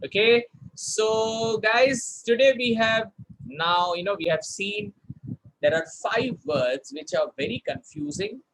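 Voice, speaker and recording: Teacher guy, kinda high voice, repeats words a lot for pronunciation, mixes in hindi. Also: animated, slow pace, a bit bright, low-quality recording. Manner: drills pronunciation, switches between English and Hindi. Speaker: spoken English teacher. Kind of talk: online vocabulary class.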